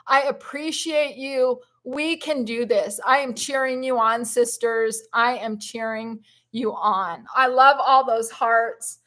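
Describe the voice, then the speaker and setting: Woman vlogger, high voice, slow unhurried delivery, effusive and encouraging live-stream chat. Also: a bit bright. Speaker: plant-based lifestyle vlogger.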